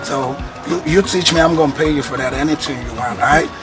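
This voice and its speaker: A man's voice: fairly high pitch, fast, distant mic. A man in a comedy skit playing a grandson, hesitant and asking to be taught. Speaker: comic foil playing a grieving grandson. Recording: loud music behind.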